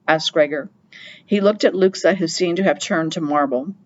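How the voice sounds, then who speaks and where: A woman narrating an audiobook in a steady, plain storytelling manner. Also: low-pitched, moderate pace, highs cut off. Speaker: audiobook reader.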